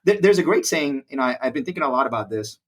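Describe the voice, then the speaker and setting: A man in his forties from India, a podcast guest telling stories in an animated conversational way, with frequent fillers and restarts. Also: medium pitch, fast talker, slightly rough. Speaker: podcast guest, brokerage president. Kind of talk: conversational storytelling.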